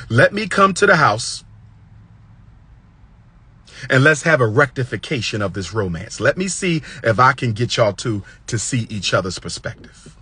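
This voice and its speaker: A man lecturing with passion in a preacherly, repetitive cadence, swinging from loud high exclamations to low hushed asides. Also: big pitch swings, normal speed, breathy edge. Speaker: public speaker giving relationship advice. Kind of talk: impassioned lecture.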